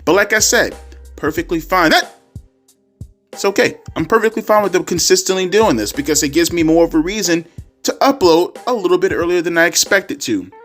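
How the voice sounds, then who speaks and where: A man's voice: high-pitched, lively intonation, brisk, fairly bright tone, faint music behind. A man ranting sarcastically and profanely about a wrestling show in a casual vlog. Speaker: wrestling commentary vlogger. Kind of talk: profane rant.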